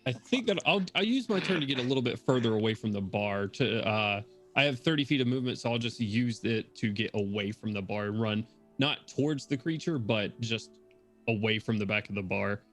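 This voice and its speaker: A man's voice: lowish voice, animated, fairly quick, a bit bright, soft background music. A man playing a tabletop game, methodically explaining his spells and moves. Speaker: player.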